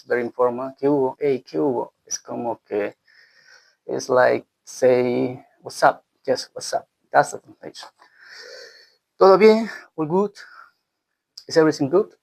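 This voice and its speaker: Gravelly-voiced Spanish teacher, casual. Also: male voice, medium pitch, poor audio. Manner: loose and conversational, full of restarts and tag questions. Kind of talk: casual language lesson.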